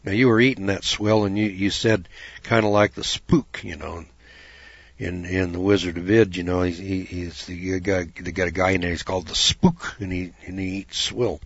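A man from the United States gives a folksy, preaching talk, rambling, repeating "you know," and putting questions to his listeners. His low voice has fairly even intonation at normal speed, in a dull, dry lo-fi recording with no room sound.

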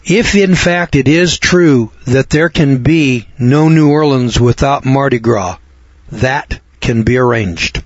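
Husky-voiced blunt American preacher. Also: male voice, mid-range voice, unhurried, hardly any pauses, no room sound. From United States. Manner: blunt, folksy, repetitive. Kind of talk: sermon. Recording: dull lo-fi recording.

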